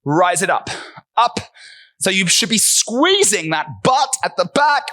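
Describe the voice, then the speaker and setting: Breathless, lively male fitness instructor. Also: high voice, unhurried. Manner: energetic counting and cueing, upbeat encouragement. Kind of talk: coaching a workout class.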